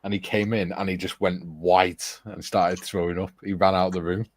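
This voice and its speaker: In a very noisy recording, a man with a low voice and little pitch movement speaks at normal speed. He hosts a casual model-building chat, rambling through an anecdote with restarts and frequent laughter.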